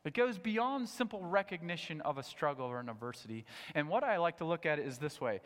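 A man preaching a sermon to a church congregation, animated, swinging between loud emphatic points and low, quiet asides. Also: fairly quick, big-room sound. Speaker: pastor. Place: church sanctuary.

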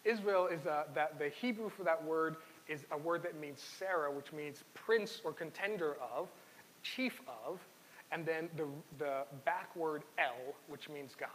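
A man's voice: a little high, measured pace, a bit bright. A man preaching a sermon in an earnest, personal way, reading scripture aloud and telling his own story. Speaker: pastor. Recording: long hall reverb with faint hiss.

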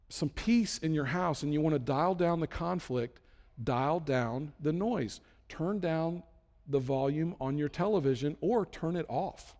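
A man preaching a conversational sermon as a pastor, emphatic, with sudden loud bursts. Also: on the high side, in a large hall.

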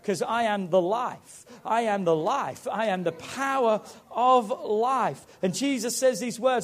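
Pastor, male, high-pitched voice, emphatic sermon delivery. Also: normal speed, hardly any pauses. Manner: emphatic, building to loud preaching.

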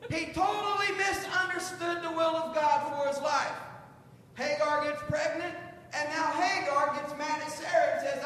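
A man's voice: very high-pitched, normal speed, pushed and bright. A man preaching a sermon, retelling the story in a folksy way and acting out what the figures say. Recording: echoey hall with long reverb and faint noise.

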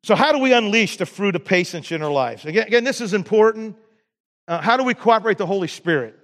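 High-voiced man preaching in a hall. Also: expressive, fast talker, a bit bright. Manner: emphatic, repeats words and stammers into restarts. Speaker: pastor. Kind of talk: sermon. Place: church sanctuary.

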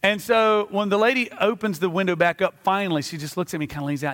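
A middle-aged man preaches from the pulpit, his voice sitting high for a man. He tells stories animatedly, acting out little scenes as he goes. The sound carries a long reverberant tail from the sanctuary. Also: quick pace, few pauses, a bit bright. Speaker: pastor. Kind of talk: sermon. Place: church sanctuary.

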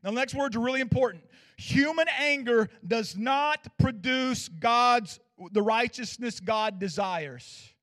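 High-voiced man preaching emphatically. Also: measured pace. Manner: emphatic preaching with swings from loud to hushed; asks the audience for agreement. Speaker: pastor. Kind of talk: sermon.

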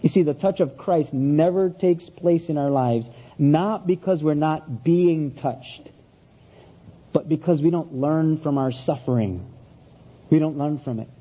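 A man's voice: a little high, measured pace, slightly rough. A middle-aged man preaching a sermon in a conversational, storytelling way, repeating his key phrases. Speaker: pastor. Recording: dull lo-fi recording.

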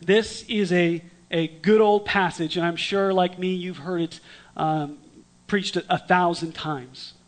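High-voiced man preaching a storytelling sermon. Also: unhurried. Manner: dramatic, swings from lively to hushed; conversational with restarts.

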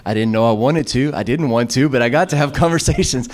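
A middle-aged man preaching a sermon as a pastor, telling stories with many restarts and acting out quoted voices with sudden jumps in pitch. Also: fast. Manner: storytelling with many fillers and restarts.

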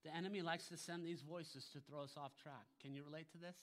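A man's voice: a little high, steady tone, quick pace, fairly bright tone. A pastor preaching a sermon, emphatic, often putting rhetorical questions to his congregation.

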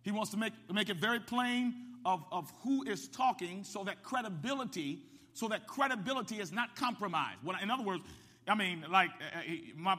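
A man preaches in a high, bright, ringing voice, pulling the congregation into call and response and climbing up to shouts. His microphone carries a long reverb through a big church sanctuary. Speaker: pastor. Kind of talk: sermon. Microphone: microphone with ring.

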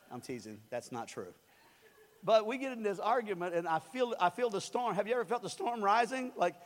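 Animated older male preacher, high voice. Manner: animated, joking storyteller who swings from soft to loud. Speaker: pastor. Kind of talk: sermon. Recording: hall reverb.

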